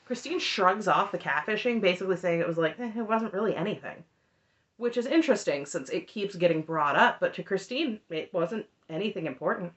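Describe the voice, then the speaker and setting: Her fairly low voice is expressive, brisk and a bit bright, though the audio sounds dull. She recaps a reality TV show with sarcastic, opinionated reactions and frequent laughter.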